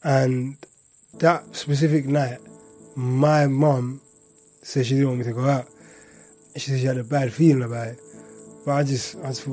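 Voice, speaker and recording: A young man from East London with a local accent, quietly telling a personal story in a reflective way, often trailing off at the ends of his lines. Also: mid-range voice, little pitch movement, moderate pace, pauses often, faint music behind. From Hackney, East London. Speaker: interviewee.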